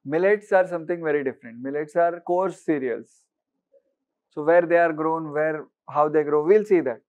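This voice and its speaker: A man with an Indian English accent delivers an exam-prep lecture in a fairly high, darkish voice at normal speed. He keeps questioning his students, mixes in Hindi words, and repeats points for emphasis.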